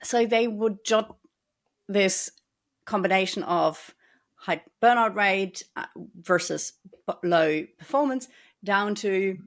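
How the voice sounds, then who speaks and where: A woman's voice: mid-range voice, takes it slowly. Woman explaining workplace leadership at length. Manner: explains at length, dry sarcastic asides. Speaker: podcast co-host. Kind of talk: conversational podcast talk.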